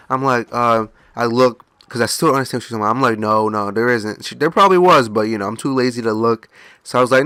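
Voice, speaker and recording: A man's voice: medium pitch, quick pace, pushed and bright, dry recording. Young man, laid-back storyteller, rambling anecdote, dry close sound. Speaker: gaming channel host. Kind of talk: casual storytelling.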